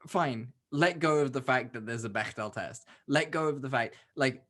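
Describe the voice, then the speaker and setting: A young adult co-hosting a podcast in casual chat, animated, swearing freely and stumbling over restarts. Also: medium pitch, normal speed. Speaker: podcast co-host.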